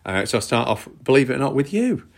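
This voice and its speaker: A man's voice: medium pitch, sing-song, quick pace, creaky. A middle-aged man with a northern English accent, co-hosting a casual chat and talking in a rambling, conversational way with restarts. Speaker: podcast co-host.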